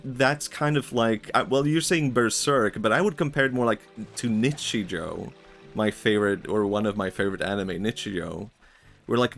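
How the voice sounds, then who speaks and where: A young man streaming, talking in a rambling, reflective way with many fillers and frequent laughs. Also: on the low side. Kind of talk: casual stream chat.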